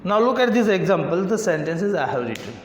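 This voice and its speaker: A man's voice: high-pitched, sing-song, slight background noise. A man with an Indian English accent teaching a grammar lesson, asking and answering his own questions step by step. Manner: slow, repetitive questioning. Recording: echoey room, slightly dull lo-fi sound.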